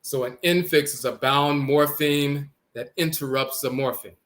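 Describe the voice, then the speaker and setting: Male lecturer, bright and forceful tone, slow and methodical, repeats key words. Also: fairly high pitch, fairly even intonation. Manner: repeats words slowly, spelling out sounds. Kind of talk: explanatory lecture.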